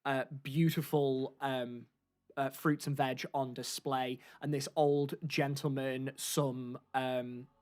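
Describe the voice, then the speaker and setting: A man's voice: mid-range voice, level tone, takes it slowly. A man running a tabletop game, describing scenes in a rambling way full of fillers. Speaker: game master.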